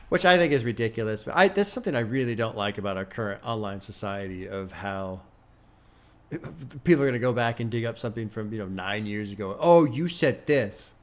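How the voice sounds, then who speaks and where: A man's voice: lowish voice, animated, fairly quick. A man streaming his music reactions, talking casually and candidly with some swearing and short rants, and mentioning his son. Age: adult with a son. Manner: candid, profane, chatty, breaks into brief rants. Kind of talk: casual live-stream commentary.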